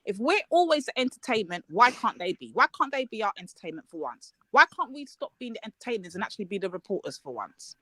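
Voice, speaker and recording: A woman, arguing her point insistently and fast on a live online panel, often talking over the others. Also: mid-range voice, big pitch swings, pushed and bright, no echo. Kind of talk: heated live panel debate.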